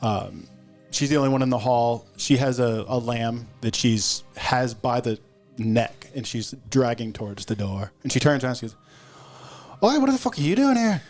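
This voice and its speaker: A man narrating as a tabletop game master, describing scenes at a relaxed, unhurried pace in a mid-range voice. Soft music plays faintly underneath. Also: medium pitch.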